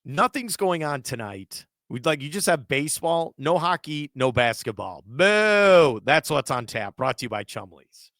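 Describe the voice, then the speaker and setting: A man's voice: mid-range voice, expressive, moderate pace, a bit bright, no room sound. A man hosting a sports talk show from a radio studio, delivering an emphatic, ranting monologue.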